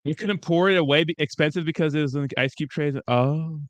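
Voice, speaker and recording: A young man runs a casual crypto livestream and swears his way through viewer comments in loose, chummy rambling. His voice sits fairly high for a man and swings up and down a lot. It is recorded close and dry, with no room sound. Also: brisk, dry recording.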